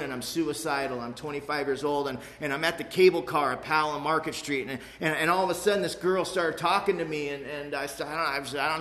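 A frank, streetwise man delivers a personal recovery testimony to a live audience, speaking emphatically with quick repeats and casual tags. His voice sits a bit high for a man. The room around him is echoey. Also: pushed and bright.

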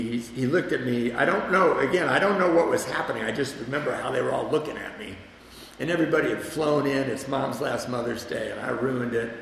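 A man with a gravelly, mid-pitched voice shares his story at a recovery meeting. He talks candidly and pokes fun at himself, turning to the group now and then. The sound is heavily echoey, with a long hall reverb. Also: fairly bright tone, a little hiss or hum. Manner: candid, self-deprecating storytelling with audience asides. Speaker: AA meeting speaker. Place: meeting room with a group present.

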